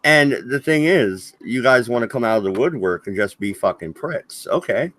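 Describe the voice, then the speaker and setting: In a dry recording, a man with a mid-range, somewhat bright voice delivers an angry livestream rant at normal speed. He's animated and heated, with profanity flying frequently.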